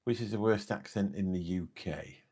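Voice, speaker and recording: A man's voice: sits low, moderate pace, warm tone, husky. A man in his fifties with an English accent, a taxi driver chatting late at night on his live stream, rambling and forgetful as he answers viewers' comments.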